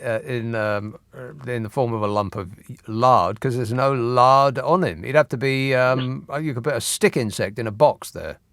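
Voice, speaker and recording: A man's voice: mid-range voice, normal speed, few pauses, fairly bright tone, dry recording. Dry, sarcastic man hosting a radio show. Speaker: radio host. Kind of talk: radio phone-in chat.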